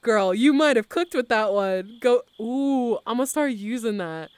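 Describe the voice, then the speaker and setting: A woman's voice: on the high side, lively intonation, unhurried, a little mellow, clear, resonant tone, no echo. A young adult woman streamer chatting casually with her live chat, using lots of slang and laughing often.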